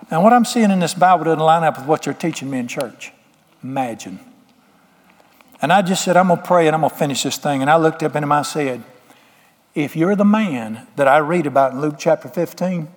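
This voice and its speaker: Folksy preacher in a reverberant hall. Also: male voice, a little high. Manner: folksy, plain-spoken, emphatic with homespun sayings. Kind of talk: sermon. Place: church sanctuary.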